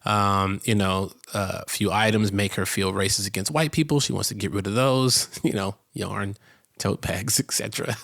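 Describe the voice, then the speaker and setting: A man co-hosting a casual rewatch podcast, recapping episodes, laughing often and jumping up in pitch to act out characters. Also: steady tone, normal speed, gravelly, fairly bright tone. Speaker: podcast co-host.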